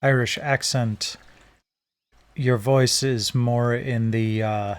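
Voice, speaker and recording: Slow, clear and resonant, a man's mid-range voice keeps a steady tone as he livestreams a game. His casual commentary, delivered in an affected British-leaning accent, meanders with many fillers and restarts.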